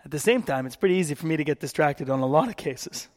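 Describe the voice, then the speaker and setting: High-voiced preacher in a ringing hall. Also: male voice, quick pace. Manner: animated storytelling, acting out quotes. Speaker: pastor. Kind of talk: sermon.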